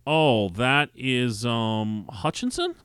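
A man's voice: mid-range voice, sing-song, takes it slowly, a bit bright, smooth, dry recording, clean studio sound. A man appearing as a guest on a sports radio show, recalling facts in thoughtful, hesitant chat.

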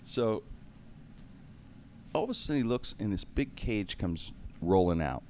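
A man with a notably deep, low-pitched voice chats casually as a podcast host. He tells funny stories with animation, putting on voices for the people in them and laughing along. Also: a little slow, slight background noise. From Pittsburgh, USA. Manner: animated, acts out voices in anecdotes, laughs often. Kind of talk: casual storytelling.

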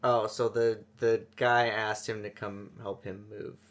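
A woman in casual chat, giving short, low-key reactions and teasing remarks. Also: level tone, a little slow. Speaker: listener. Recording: music playing behind.

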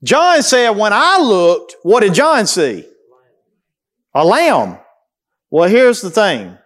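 A man's voice: high voice, huge pitch swings, slow pace, a bit bright. A man preaching a sermon, reading scripture aloud and explaining it, often asking the congregation questions and answering them himself. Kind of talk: sermon teaching through scripture.

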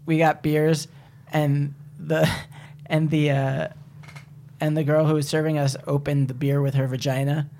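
A man's voice: a little high, flat delivery, unhurried, dark tone, a little hiss or hum. Wry man telling a travel anecdote. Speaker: podcast guest. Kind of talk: casual chat.

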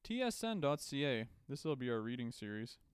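Smooth-voiced joking man. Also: mid-range voice, very animated, a little fast, dry recording, clean studio sound. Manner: joking, puts on silly voices. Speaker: podcast co-host. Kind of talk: casual chat.

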